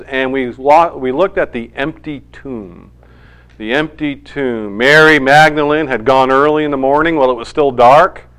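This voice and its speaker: A man's voice: medium pitch, a bit bright, clear, resonant tone. A man preaching a sermon in a conversational, emphatic way, with joking asides. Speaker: pastor.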